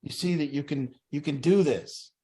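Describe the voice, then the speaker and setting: A man's voice: on the high side, normal speed, dark tone. Earnest man leading a support group. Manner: earnest, repetitive, plain-spoken, preachy.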